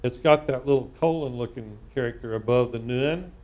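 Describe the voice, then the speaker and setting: A man teaching a live Torah class as a rabbi, reading Hebrew word by word and translating it with frequent pauses. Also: medium pitch, lo-fi sound. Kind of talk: live Bible study lesson.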